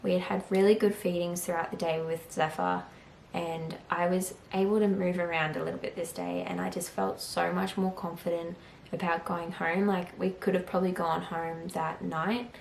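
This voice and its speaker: Gravelly young woman sharing a story. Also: lowish voice, little pitch movement, moderate pace, slight background noise. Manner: chatty, open, heavy use of "like". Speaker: vlogger, new mother. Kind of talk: candid personal storytelling. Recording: echoey room.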